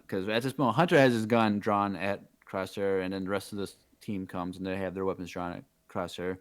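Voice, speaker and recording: A man with a lowish, smooth and resonant voice, talking through a plot recap in a loose, chatty way with plenty of "um" and "like". The sound is close and dry, with no room in it. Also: no room sound. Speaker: podcast host. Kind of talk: casual episode recap.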